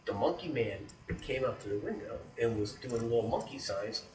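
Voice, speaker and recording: A man's voice: medium pitch, lively intonation, normal speed, a little mellow. A man telling a creepy story in casual talk, acting out the scenes with sound effects and often checking in with "right?". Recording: roomy echo, distant mic, faint background noise.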